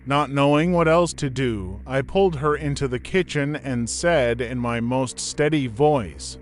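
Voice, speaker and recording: A man narrating a scripted horror story in a steady, measured reading. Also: medium pitch, a little hiss or hum.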